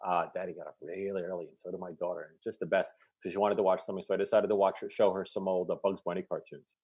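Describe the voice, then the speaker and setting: A man's voice: sits low, little pitch movement, rapid-fire, a little mellow, breathy edge. A man in his thirties, a podcast co-host, chatting casually and eagerly retelling scenes, with many restarts. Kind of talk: casual chat.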